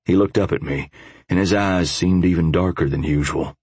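A man narrates an audiobook in the first person, gritty and profane. His voice sits very low and husky. The recording is dry and close. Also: moderate pace, darkish tone, no room sound.

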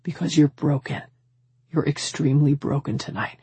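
A woman reading an audiobook, voicing a stern, guarded young man who speaks low and clipped. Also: fairly even intonation, moderate pace, warm tone, husky, no room sound, exaggerated voice.

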